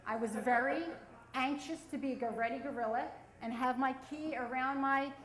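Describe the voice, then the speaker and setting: A woman's voice: sits high, normal speed, reverberant, poor audio. A woman, telling a self-mocking story on stage at a storytelling event. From South Philadelphia. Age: 40s. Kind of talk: live storytelling.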